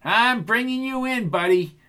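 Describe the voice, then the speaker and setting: Man playing brash young campus guard, loud hothead, high pitched, audiobook mystery. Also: lively intonation, a little slow, full character voice. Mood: angry.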